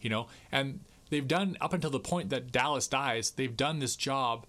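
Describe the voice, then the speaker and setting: A man's voice: mid-range voice, moderate pace, sharp tone. A man co-hosting a podcast, talking emphatically about a film with plenty of filler words and the odd curse. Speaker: podcast co-host. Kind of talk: casual film discussion.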